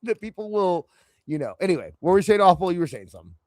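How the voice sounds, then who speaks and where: High, lively male host who jokes and laughs a lot, close dry mic. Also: quick pace, no echo. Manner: laughs often, joking and sarcastic. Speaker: podcast host. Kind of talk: casual live-stream banter.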